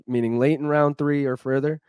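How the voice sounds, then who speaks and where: A man's voice: a little high, steady tone, brisk, darkish tone, smooth, no room sound, studio quality. A young man, a podcast guest, chatting casually in a laid-back way, saying "dude" and "like" a lot. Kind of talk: casual chat.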